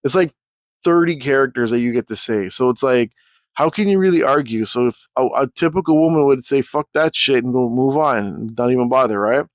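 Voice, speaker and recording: A man's voice: mid-range voice, fairly quick, no echo. A man telling a rambling, profane storytime rant as a YouTuber.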